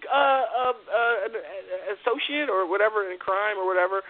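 Brief: male call-in host, fairly high voice, swings up and down a lot, swears freely, rambles and restarts, tinny phone-like sound. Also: moderate pace, few pauses. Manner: animated, profane, rambling with restarts. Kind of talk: call-in podcast chat.

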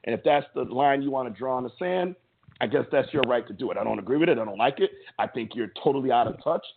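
A man co-hosting a sports podcast, delivering a heated, emphatic opinion rant with a husky voice and stammering restarts. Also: mid-range voice, animated, fast, slight background noise. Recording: tinny phone-like audio.

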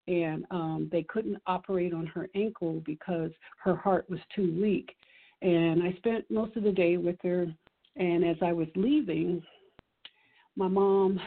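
A woman's voice: fairly low pitch, creaky. A middle-aged woman telling an emotional personal story as a radio guest, earnest and laughing often. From California. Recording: tinny phone line.

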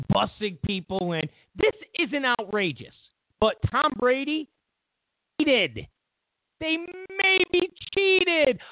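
Hosting his political commentary show, this man speaks in a high voice edged with vocal fry, animated and emphatic as he mocks his targets with sly asides. The sound is tinny, phone-like, and completely dry.

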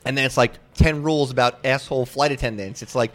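A man's voice: mid-range voice, quick pace, a bit bright. A man hosting a podcast roundtable who talks enthusiastically and cuts in to steer the conversation. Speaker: podcast host. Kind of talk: casual chat. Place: bar or restaurant.

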